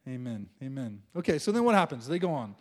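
A man preaching a sermon as pastor, playful and animated, acting out the prayers of his listeners with little laughs. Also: mid-range voice, quick pace.

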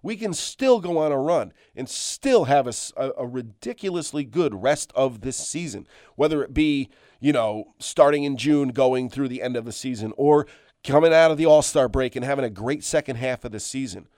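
A middle-aged man hosts his own podcast in an exasperated, emphatic rant, often repeating himself and swearing offhandedly. His voice sits at an ordinary pitch. The recording is dry, with no room echo. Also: expressive, normal speed, a little mellow. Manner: swears casually. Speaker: podcast host. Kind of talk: solo sports rant.

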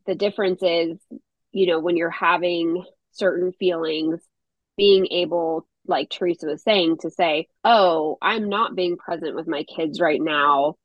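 A woman's voice: lowish voice, steady tone, measured pace, no room sound, highs cut off. A woman guest on a podcast, a mother, talking in an earnest, reflective way and laughing easily. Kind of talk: casual podcast conversation.

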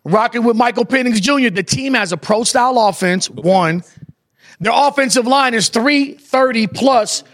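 A man co-hosting a lively sports panel, talking in a high, bright register. He talks with hype and slang, throwing questions at the others. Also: normal speed. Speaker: sports show co-host. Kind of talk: casual sports panel chat.

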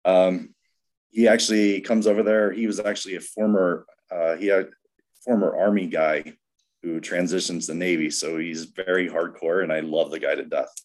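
A man with a low, deep voice recounts his service days in a loose, conversational way. He rambles with plenty of fillers and slips into animated voices when quoting people. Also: moderate pace. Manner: acts out quoted dialogue in animated voices. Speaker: Navy veteran guest. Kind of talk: casual storytelling.

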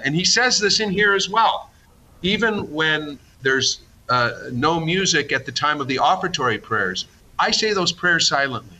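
Archbishop talking on radio, really bright tone, bit of noise behind, halting and reflective. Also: male voice, a little high, low-quality recording. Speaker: archbishop, guest. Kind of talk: conversational radio interview.

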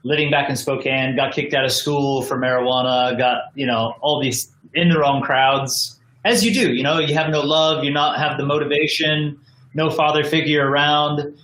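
A man's voice: a little high, fairly even intonation, moderate pace, fairly bright tone, roomy sound, a little hiss or hum, low-quality recording. An American man, a podcast guest joining by video call, telling his story in a casual, rambling way full of "like" and "you know". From United States. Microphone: video call from home.

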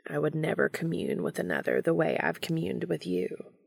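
A woman voicing a calm, formal male creature who speaks softly to his lover, often close to a whisper. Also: sits low, normal speed, gravelly, husky, dry recording, exaggerated voice. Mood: hushed, tender. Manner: soft, formal, murmuring near a whisper.

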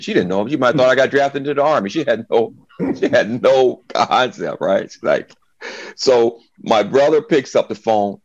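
A man's voice: medium pitch, normal speed, no room sound, dull audio. A middle-aged man, a former football player, tells his story in an interview and acts out the voices of the people in it. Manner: animated storyteller, acts out quotes.

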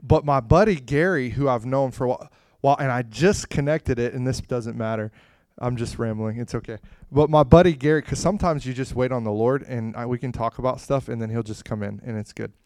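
A man telling a rambling personal story in a casual way, acting out scenes with sudden loud bursts. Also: mid-range voice, brisk, dry recording, studio quality. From Florida, USA. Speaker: speaker sharing a testimony.

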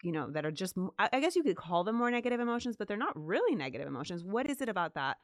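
A woman's voice: medium pitch, big pitch swings, racing, no echo, clean studio sound. A woman in a casual conversation, asking curious, engaged questions. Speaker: podcast co-host.

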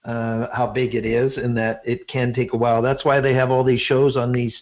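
A man's voice: mid-range voice, level tone, moderate pace, highs cut off. A middle-aged man hosting an interview, joking dryly and rambling off into digressions. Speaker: podcast host. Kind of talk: casual interview conversation.

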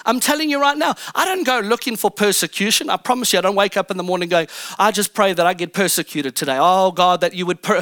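A pastor delivering a fervent sermon, his voice high and strikingly bright. His delivery is smooth and clear and sounds close and dry, with emphatic repetition driving each point home. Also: no echo. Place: church stage.

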